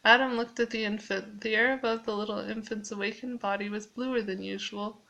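A woman's voice: medium pitch, steady tone, brisk, gravelly, sharp tone, lo-fi sound. A woman reading a book aloud, stopping to reread phrases and add her own comments. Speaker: reader.

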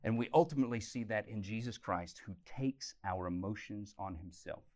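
A man preaching a teaching sermon, animated, swinging from loud emphasis to quiet, intense moments. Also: lowish voice, normal speed. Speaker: pastor.

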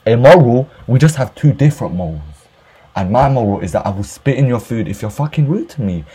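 A young man with a husky, breathy voice, swearing freely as he rants through his stories. His pitch sits in a middle range for a man. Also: fairly quick. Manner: animated, profane, ranting. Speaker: podcast host telling retail stories. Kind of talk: casual storytime rant.

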